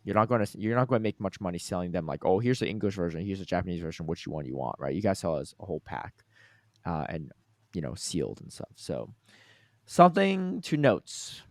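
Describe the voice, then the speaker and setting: Animated American man chatting on a podcast. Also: deep voice, fast, no room sound, clean studio sound. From United States. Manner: animated, reads out viewer comments, laughs easily. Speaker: podcast co-host. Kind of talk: casual podcast chat.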